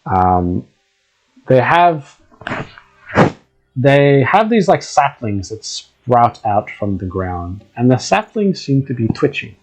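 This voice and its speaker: A man's voice: medium pitch, very animated, takes it slowly, low-quality recording. A man running a live tabletop game, narrating scenes hesitantly with many ums and restarts. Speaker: game master.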